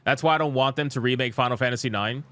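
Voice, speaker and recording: A man's voice: mid-range voice, fast talker, a bit bright. A young man streaming live, reacting to gaming news and reading comments aloud in a blunt, exasperated, profane rant.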